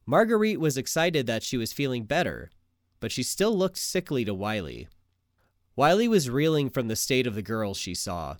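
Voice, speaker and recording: A man co-hosting a casual podcast, loose and animated, swearing freely and full of fillers while he tells a true story. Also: mid-range voice, moderate pace, no room sound, studio quality. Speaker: podcast co-host.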